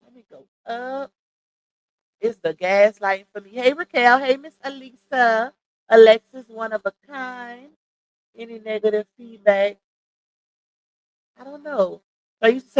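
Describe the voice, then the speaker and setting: A woman's voice: a little high, slow, pauses often, dry recording, rough recording. Blunt gossipy woman on a livestream. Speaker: livestream host. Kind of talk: casual commentary chat.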